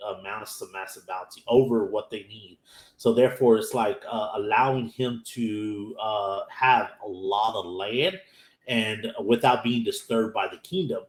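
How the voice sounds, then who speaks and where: An American man from Houston hosting a casual anime episode recap. He tells the story loosely, full of "like" and "you know", and acts out the characters' lines in his own voice. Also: lowish voice. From Houston, Texas. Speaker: anime podcast host. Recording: roomy echo.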